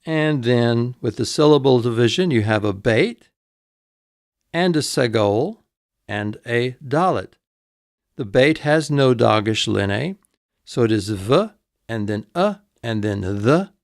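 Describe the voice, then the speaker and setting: A man teaching vocabulary in a recorded lesson, repeating each word slowly and spelling it out letter by letter. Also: medium pitch, lively intonation, no room sound, studio quality. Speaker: instructor.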